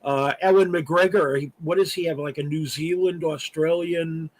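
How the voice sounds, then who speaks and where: Guest man, husky, a touch high, rambling chatty delivery with lots of fillers. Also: fairly even intonation, normal speed, rough recording. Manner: chatty, many "uh" fillers and restarts. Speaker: guest artist and voice actor. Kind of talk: casual interview chat. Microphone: remote live stream call.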